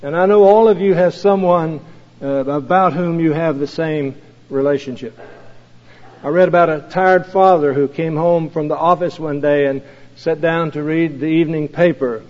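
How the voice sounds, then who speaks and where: A man preaching an earnest sermon as a pastor, slow and measured, leaning on key phrases. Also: fairly high pitch, steady tone. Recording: dull lo-fi recording with long hall reverb.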